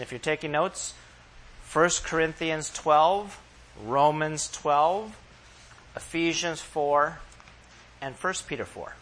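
A man preaching a sermon to a congregation, emphatic, slowing down to read verses aloud and asking the room direct questions. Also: a little high, fairly bright tone, a little hiss or hum. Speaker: pastor.

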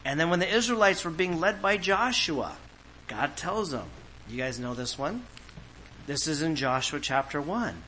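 A man's voice: on the high side, lively intonation, moderate pace, bright, forceful tone, slight background noise, poor audio. A man preaching a sermon, emphatic and asking the congregation questions as he reads scripture. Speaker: pastor.

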